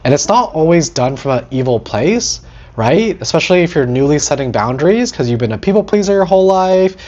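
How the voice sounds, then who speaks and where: A man hosting a teaching talk about setting boundaries, animated, acting out short quoted lines and often asking "right?". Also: fairly high pitch, brisk, highs cut off. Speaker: host.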